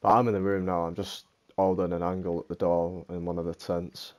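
A man's voice: low voice, brisk. A young man, a gaming teammate swearing casually and calling out positions. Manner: relaxed and sweary, gives position callouts. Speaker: gamer teammate. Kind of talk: casual game callouts.

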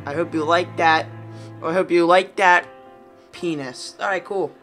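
A man giving profane let's-play commentary, reacting loudly to gameplay. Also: fairly high pitch, slow pace. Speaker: gaming YouTuber. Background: music playing.

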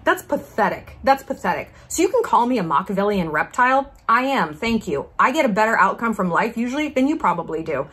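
A woman's voice: mid-range voice, sing-song, brisk, hardly any pauses, fairly bright tone, breathy edge. A woman in her thirties hosting a casual talk video, brash and profane, dripping with sarcasm and mock-sweet patronizing asides. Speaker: YouTube commentary host. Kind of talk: casual monologue to camera.

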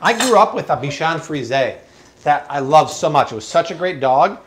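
A man's voice: fairly high pitch, expressive, normal speed, noisy background. A man hosting a live cooking stream from a home kitchen, enthusiastic and exclamatory. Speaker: cooking show host.

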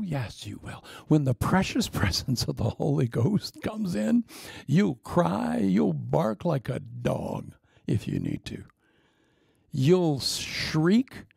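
A middle-aged man preaching a sermon, telling stories in an animated way. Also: mid-range voice, gravelly, husky, no room sound, clean studio sound.

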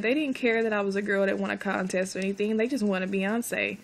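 Gravelly-voiced woman telling a rambling story. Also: mid-range voice, steady tone, fast talker, hardly any pauses. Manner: rambling, earnest, many fillers and restarts. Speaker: vlogger recounting a dream. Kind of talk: casual storytelling monologue.

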